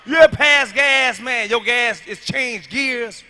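Loud high-voiced stand-up comedian man. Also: measured pace. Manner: loud, emphatic, profane, repetitive punchlines.

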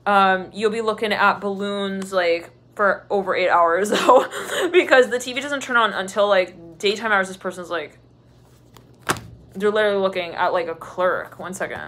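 A woman talks through a tarot reading in a loose, rambling, chatty way, with a steady mid-range pitch. She piles up fillers and breaks into laughter often. A faint hiss sits under her voice. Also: normal speed. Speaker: tarot reader.

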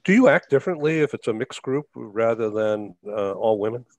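A man's voice: medium pitch, lively intonation, brisk, no echo. Hesitant male talk show host. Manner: hesitant, many fillers. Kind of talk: interviewing guests on a video call.

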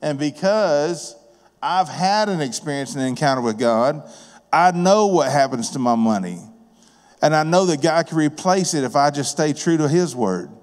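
A man's voice: on the high side, lively intonation, normal speed, darkish tone. A man preaching a sermon in a plain-spoken, conversational way, telling stories from his work as a contractor and business owner. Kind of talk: sermon with personal storytelling. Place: church sanctuary. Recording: long reverb of a church hall.

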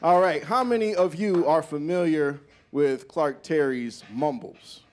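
A man's voice: a little high, measured pace, slight background noise. A man on a jazz club stage, leading the audience in a call-and-response with playful, folksy banter and short sung snippets. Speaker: bandleader leading audience participation. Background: live jazz band.

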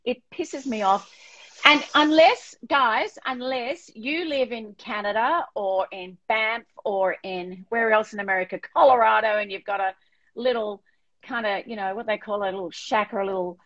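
An Australian interior designer chats bluntly and theatrically on a live stream, calling everyone darling and swearing mildly. Her medium-pitched, slightly bright voice moves at normal speed over dull lo-fi stream audio.

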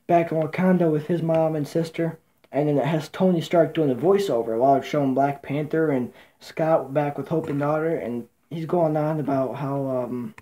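A man's voice: on the high side, warm tone. A man giving a casual spoken movie review, rambling and emotional with many fillers and restarts. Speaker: channel host and movie reviewer.

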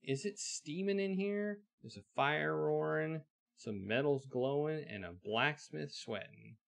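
A man's voice: on the high side, measured pace, gravelly, a bit bright. A man streaming a live video game playthrough, reading game text aloud and making wry remarks on it. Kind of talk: live let's-play commentary.

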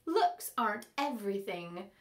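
Squeaky, prim fairy godmother, quick to take offense, highly animated; woman voicing her. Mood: indignant. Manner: squeaky, indignant. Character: flustered prim young female fairy godmother.

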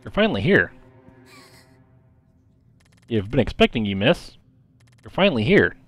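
A man voicing eerie living dolls who greet a girl in a slow, ominous way. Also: mid-range voice, sing-song, a bit bright.

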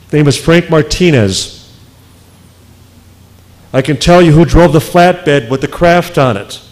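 A man speaking as a researcher in a public lecture, emphatic, with deliberate pauses. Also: on the high side, a little mellow, rough recording.

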